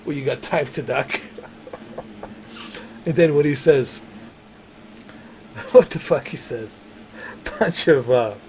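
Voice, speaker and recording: A man chatting casually during a game livestream, rambling and swearing, often breaking into laughter as he talks himself up into excited emphasis. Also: medium pitch, slight background noise. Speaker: game streamer.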